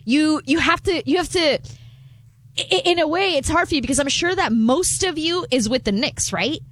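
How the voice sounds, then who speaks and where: Female radio co-host, high voice, teasing and talkative, studio mic. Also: expressive, fairly bright tone. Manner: teasing, talkative, quick to laugh. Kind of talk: casual sports radio chat. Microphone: studio microphone.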